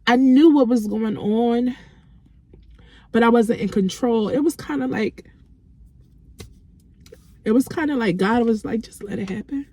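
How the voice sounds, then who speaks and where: Slow, halting woman sharing a testimony. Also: a little high, dark tone. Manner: halting, reflective, with frequent restarts. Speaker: vlogger. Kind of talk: personal faith testimony.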